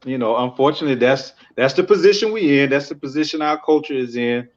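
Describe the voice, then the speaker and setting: A barber talking in a casual interview, telling stories animatedly and building to emphatic pleas. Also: male voice, medium pitch, fast, dull audio. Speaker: barber and barbershop owner, podcast guest.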